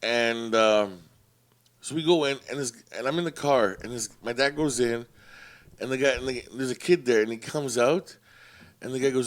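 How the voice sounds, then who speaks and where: A man's voice: medium pitch, normal speed. A young man hosting a podcast, telling stories casually with lots of swearing and acting out what people said. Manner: profane, animated storyteller acting out quotes. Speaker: podcast host. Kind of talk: casual storytelling.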